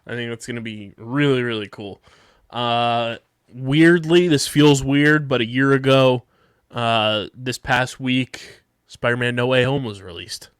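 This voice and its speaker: A man's voice: medium pitch, steady tone, a little slow, clear, resonant tone, no echo, studio quality. A man hosting a casual podcast, running through news and a sponsor read with plenty of fillers. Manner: conversational, filler-heavy. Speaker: podcast host.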